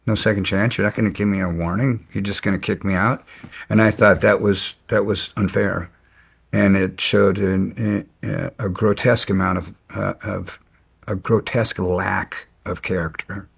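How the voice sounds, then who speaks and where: Gravelly middle-aged guy telling old band stories, lowish voice, lots of restarts. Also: steady tone, normal speed. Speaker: guest. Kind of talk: storytelling interview.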